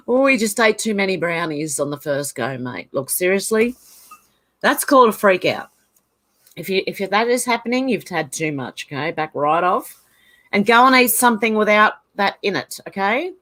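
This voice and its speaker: A woman's voice: medium pitch, lively intonation, moderate pace, fairly bright tone. A woman from Ireland raised in Australia, with an Australian accent, chatting casually and laughing often as she reads out viewer comments. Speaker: channel host reading viewer comments. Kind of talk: casual livestream chat.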